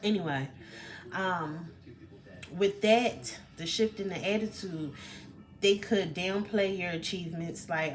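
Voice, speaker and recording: A woman talking casually to camera as a personal development coach, chatty and expressive, with many fillers. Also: on the low side, slow, slight background noise. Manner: chatty and expressive, with fillers, acts out quoted remarks.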